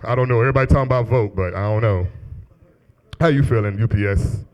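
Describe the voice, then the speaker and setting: A fast-talking man with a lowish, darkish voice performs stand-up in a small club. In his thirties and holding a handheld stage mic, he keeps the set loose and profane, teasing audience members and laughing at his own jokes.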